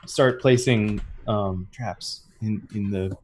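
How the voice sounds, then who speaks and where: A man playing a tabletop game, hesitant with many fillers, then speeding up as he gets excited. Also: lowish voice, a little slow. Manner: hesitant, lots of ums, bursts of excitement. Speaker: player.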